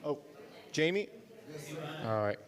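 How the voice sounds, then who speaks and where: A man chairing a city meeting, calling speakers politely and briskly from a list. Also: fairly high pitch, sing-song, crowd noise. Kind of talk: procedural meeting talk.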